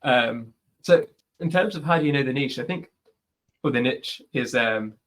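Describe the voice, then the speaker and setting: A man's voice: mid-range voice, expressive, moderate pace. A British man who hosts a podcast, answering questions on a video call in a chatty, advice-giving way, often adding "like" and "right?". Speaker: podcast host. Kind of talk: live online Q&A answer.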